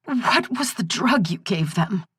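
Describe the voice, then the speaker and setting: A woman's voice: medium pitch, expressive, a little slow, a bit bright, slightly rough, dry recording, voice pushed up, heavily acted. A woman reading the part of a young woman FBI agent who is held captive, and who sounds strained but defiant.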